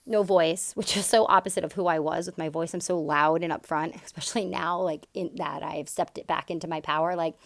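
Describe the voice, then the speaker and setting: A woman's voice: lowish voice, fairly even intonation, brisk, vocal fry, few pauses, dry recording, studio quality. A woman in her young adult years telling a personal story to camera, emphatic and candid, full of asides. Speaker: vlogger sharing a personal story.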